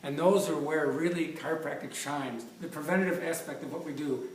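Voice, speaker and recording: Man in his fifties, chiropractor, upbeat and jokey, stumbling restarts, fairly high voice, echoey room, distant mic. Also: brisk. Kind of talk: informal presentation with props.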